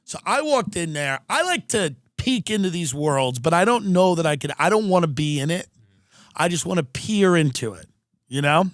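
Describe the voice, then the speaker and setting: A man's voice: a little high, no room sound, clean studio sound. A man hosting a podcast, telling a funny story with sardonic asides. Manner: sardonic, animated anecdote-telling with quick asides. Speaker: podcast host.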